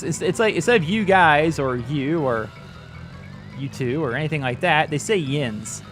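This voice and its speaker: A man's voice: fairly high pitch, lively intonation, moderate pace, a bit bright, faint music behind. A man giving rambling, chatty commentary while playing a game, often exclaiming at it as he goes. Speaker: gaming channel host. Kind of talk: casual let's-play commentary.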